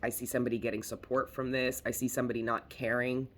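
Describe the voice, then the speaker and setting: A man's voice: medium pitch, little pitch movement, fast talker, very noisy. A man giving a casual tarot reading, talking in a rambling, emphatic way, swearing freely and repeating himself. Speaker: tarot reader.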